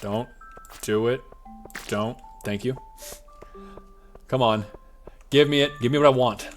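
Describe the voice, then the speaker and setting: A man's voice: mid-range voice, slow pace, soft background music. A man streaming a farming game live, chatting to himself in a rambling, jokey way with lots of side tangents. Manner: rambling, jokey, self-talking asides. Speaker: VTuber streamer. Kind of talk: live-streamed gameplay commentary.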